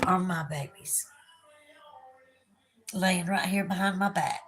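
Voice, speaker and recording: A woman's voice: fairly low pitch, noisy background. A woman with a Southern US accent hosting a casual livestream, reading viewer comments aloud in a chatty way and laughing often. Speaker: livestream host.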